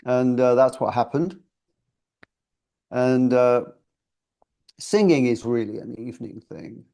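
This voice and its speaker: A man in his sixties from the UK, chatting as an interview guest in a loose, storytelling way. His voice is warm and dark, with a gravelly fry running through it. He comes across as reflective and gently self-deprecating. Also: medium pitch, slow. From United Kingdom. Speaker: singer and guest.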